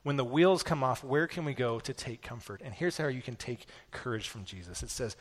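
A man's voice: mid-range voice, a little fast, few pauses. Earnest man preaching a sermon. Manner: earnest, repetitive emphatic phrasing. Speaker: pastor.

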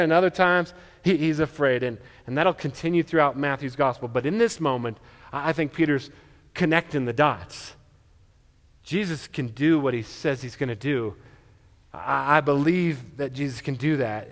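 A man preaching a sermon as pastor, earnest, with frequent stammered restarts. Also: on the high side. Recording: long reverb of a large hall.

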